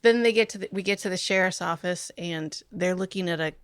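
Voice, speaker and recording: A woman's voice: lowish voice, a little fast, clean tone, no room sound, clean studio sound. A woman hosting a podcast in casual chat, with blunt, wry asides. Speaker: podcast host.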